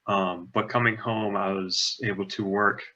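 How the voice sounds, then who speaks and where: A young man, a student presenter, introducing himself in a measured way with many filler pauses. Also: on the low side, steady tone, bright, forceful tone. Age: young adult. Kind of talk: informal self-introduction. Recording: muffled lo-fi call audio.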